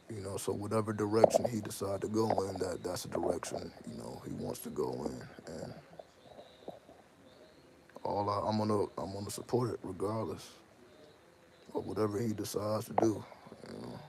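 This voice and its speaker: Gravelly man rambling to his viewers. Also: on the low side, normal speed, long pauses. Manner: rambling, self-interrupting, heavy slang. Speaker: channel host. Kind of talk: casual personal monologue to viewers. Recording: steady audible background noise.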